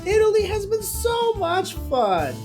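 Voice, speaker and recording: A man putting on a chirpy, effusive young man's voice to read out a friend's letter in a high, sing-song way. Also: wildly swooping pitch, a little slow, over music, exaggerated voice. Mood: gushing.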